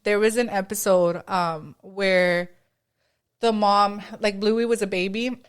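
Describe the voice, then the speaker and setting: A woman who is a mother, co-hosting a casual podcast chat in an expressive, chatty way and slipping in a few Spanish words. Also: medium pitch, slow pace, clean tone. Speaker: podcast co-host.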